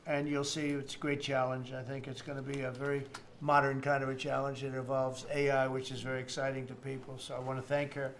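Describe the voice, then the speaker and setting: A man's voice: medium pitch, completely flat delivery, brisk, slight background noise. Rambling older American man, off the cuff. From United States. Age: 70s. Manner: rambling, repetitive and boastful, with mocking asides. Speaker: politician. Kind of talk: off-the-cuff remarks at a meeting. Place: indoor meeting room.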